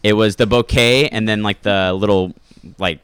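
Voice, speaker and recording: A man's voice: lowish voice, steady tone, normal speed, fairly bright tone, clean tone, no echo, studio quality. A young man, a comedian, telling rambling stories in casual podcast chat, full of filler words. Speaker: comedian guest.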